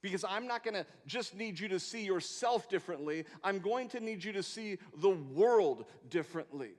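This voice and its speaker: A man preaching a sermon, swinging between loud emphatic proclamations and quiet asides, with rhetorical questions and long lists. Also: sits high, lively intonation, moderate pace. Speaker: pastor. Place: church sanctuary. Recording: long hall reverb in a church.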